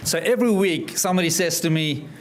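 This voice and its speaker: A South African man delivers a personal storytelling speech to an audience. His voice sits a little high for a man. He paces the story with deliberate pauses and drops in humorous asides. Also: heavy background noise. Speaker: keynote speaker. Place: club function room.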